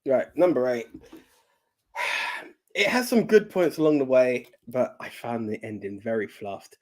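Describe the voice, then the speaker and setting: Speaking at a measured pace in a mid-range voice, this Russian-native co-host keeps the movie talk casual. His delivery is lively and rambling, full of restarts and frequent laughter.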